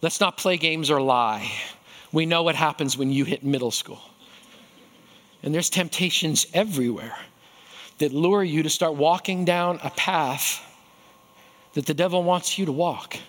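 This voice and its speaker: Man, middle-aged, pastor, high-pitched voice, animated storytelling sermon. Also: measured pace, pauses often.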